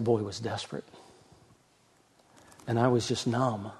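A middle-aged man, a pastor, preaching a sermon with a personal story, swinging from loud emphasis to soft, hushed telling. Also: medium pitch, fairly even intonation, normal speed, pauses often, a little hiss or hum.

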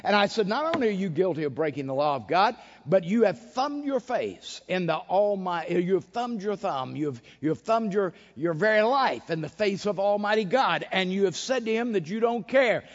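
Male preacher with a fairly high voice, emphatic storytelling delivery, recorded lo-fi in a reverberant hall. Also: expressive, moderate pace, few pauses. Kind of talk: sermon. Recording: dull lo-fi sound with long hall reverb.

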